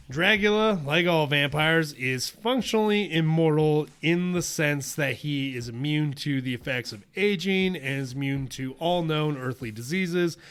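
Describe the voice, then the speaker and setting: Bright-voiced animated male podcast host. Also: on the high side. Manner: animated, reads notes aloud, laughs often. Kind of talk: casual chat.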